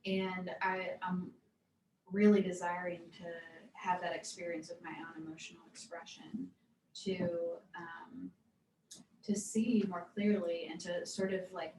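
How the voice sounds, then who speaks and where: A woman with a slightly low voice asks her question earnestly, pausing and searching for words. She sounds distant from the mic in a roomy, echoing space with faint background noise. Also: a little mellow. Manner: hesitant, earnest, with fillers. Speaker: student asking a question.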